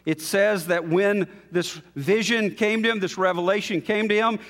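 A man preaching an expository sermon, building to emphatic peaks and then dropping low and quiet. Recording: long reverb of a large hall.

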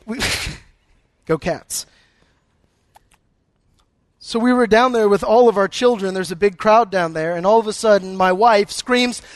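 A man's voice: sits high, dry recording. A male pastor preaching a conversational sermon, telling stories with humor and often repeating words as he goes.

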